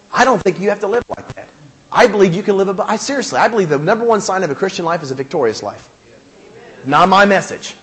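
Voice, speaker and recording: A male pastor preaching a sermon, animated and emphatic, with humor and rhetorical questions. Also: sits high.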